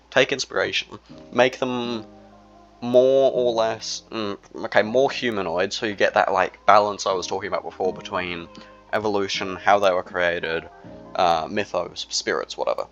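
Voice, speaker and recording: Heard on a dull, lo-fi recording, a young solo video creator talks in a loose, meandering monologue stuffed with slang and fillers. His voice sits on the low side with a touch of brightness.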